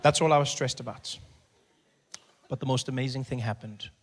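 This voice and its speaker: A man doing stand-up storytelling, animated, acting out characters and shouting in bursts. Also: moderate pace. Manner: animated, acts out characters with big pitch jumps and shouting. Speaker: stand-up comedian.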